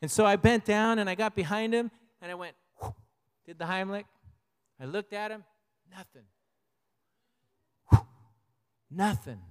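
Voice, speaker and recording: An older man with a notably high voice delivers a conversational sermon, weaving in personal stories. His words ring out with a long, trailing reverb, as if in a large hall. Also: brisk, clean tone. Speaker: pastor.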